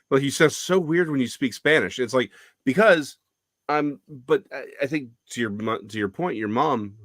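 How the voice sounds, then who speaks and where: A man talking as a guest in a casual conversation, lively and chatty with frequent self-corrections. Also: lowish voice, no echo.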